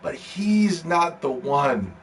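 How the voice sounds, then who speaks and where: A man hosting a gaming podcast, ranting and pleading, dropping to hushed begging and then rising to shouts. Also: fairly high pitch, sing-song, slow pace. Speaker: podcast host.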